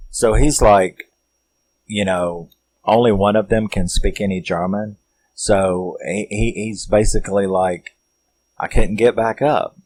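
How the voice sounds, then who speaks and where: A man's voice: sits low, a little mellow, dry recording, poor audio. A man casually recapping a horror movie, rambling and swearing as he tells the story. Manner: rambling, profane, laid-back storytelling. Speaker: film reviewer.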